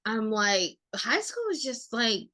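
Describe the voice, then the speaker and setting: Gal cohost, bright sharp voice, sassy and expressive. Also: female voice, fairly high pitch, slow. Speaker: podcast co-host. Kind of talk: casual chat.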